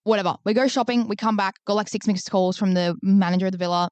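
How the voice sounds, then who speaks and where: A woman's voice: medium pitch, quick pace, no echo, highs cut off. A young woman, co-hosting a podcast and telling a story in casual, swearing-heavy chat. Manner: animated storytelling, swears freely. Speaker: podcast co-host.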